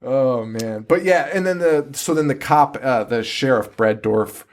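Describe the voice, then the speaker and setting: A man's voice: medium pitch, a little slow. A man co-hosting a podcast, chatting casually and profanely as he mocks a movie. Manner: profane, animated, mocking. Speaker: podcast co-host. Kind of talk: casual chat recapping a movie.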